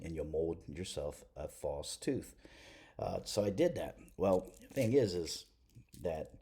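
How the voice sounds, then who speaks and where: A man's voice: extremely low pitch, darkish tone, slightly rough. A middle-aged man, a preacher, rambling through a self-deprecating story to the camera with lots of restarts.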